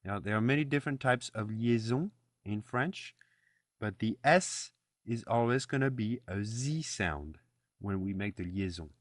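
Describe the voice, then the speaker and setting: Slow, patient man teaching French. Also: on the low side, lively intonation, no echo, studio quality. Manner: patient, spells out pronunciation and repeats phrases slowly. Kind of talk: language lesson with repeat-after-me drills.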